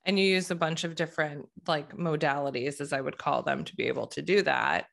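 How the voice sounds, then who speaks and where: Low, gravelly woman hosting eagerly. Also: fairly even intonation, a little fast, a bit bright. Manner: enthusiastic, gushing interviewer. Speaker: podcast host. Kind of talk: podcast interview.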